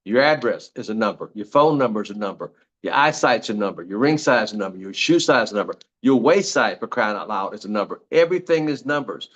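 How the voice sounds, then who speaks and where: A man's voice: fairly low pitch, animated, fast, fairly bright tone, dull audio. An older man giving a motivational talk on network marketing, repeating slogans in an emphatic, preachy way.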